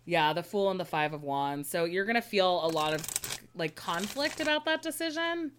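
A woman's voice: lowish voice, animated, moderate pace, a bit bright, a little hiss or hum. A woman co-hosting a podcast, chatting casually about tarot readings, laughing often and thinking aloud. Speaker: podcast co-host.

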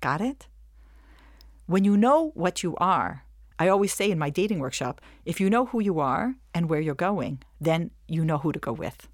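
A middle-aged woman talks to a webinar audience with a slightly low voice. She tells stories in a chatty, animated way and keeps checking in with her listeners. The recording is close and dry, with no room sound. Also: moderate pace, no room sound. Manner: chatty, animated, often says "okay?" and "like". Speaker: webinar speaker. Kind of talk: lively storytelling talk.

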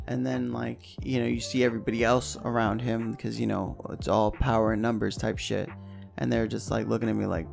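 A young man from New York chats on a podcast, telling animated stories full of swearing. His voice has a gravelly edge, and faint music plays behind him. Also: medium pitch, normal speed. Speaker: podcast co-host. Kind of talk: casual chat.

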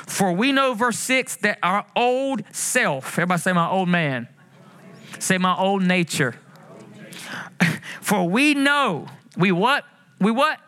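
Male pastor, high and bright, preaching with animated passion, sermon delivery. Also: takes it slowly, long pauses. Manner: preaching with animated swings, rising passionately and drawing out quotes.

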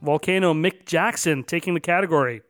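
A man's voice: a little high, brisk, over music. A man co-hosting a casual podcast, announcing numbered categories with extra emphasis and then chatting loosely. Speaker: podcast co-host.

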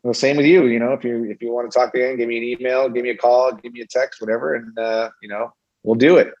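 A man's voice: medium pitch, steady tone, quick pace, darkish tone, dull audio. A man, a TV actor guest on a podcast, talking casually and rambling with lots of fillers. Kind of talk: casual interview chat.

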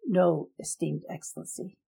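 A woman's voice: low-pitched, steady tone, moderate pace, vocal fry, dark tone, slightly rough, heavily acted. A woman voicing a shaken male vampire smuggler whose voice breaks as he answers. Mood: cowed. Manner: broken, cowed speech.

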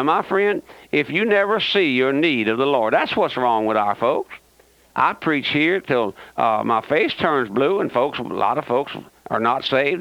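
A man's voice: fairly high pitch, no echo. A man with a Southern US accent, preaching a radio sermon in an emphatic, repetitive way with many asides. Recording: dull lo-fi radio broadcast.

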